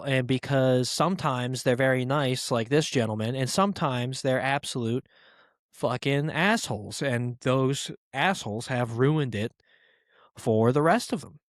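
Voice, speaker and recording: A man's voice: mid-range voice, no room sound, studio quality. A man hosting a comedy podcast, rambling through a story, swearing casually and acting out the people he quotes. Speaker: podcast host.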